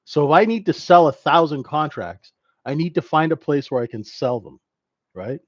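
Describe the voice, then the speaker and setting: A man's voice: on the high side, expressive, moderate pace, no echo, lo-fi sound. A man teaching a live trading class in a conversational way, who keeps checking in with "right?". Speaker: trading instructor.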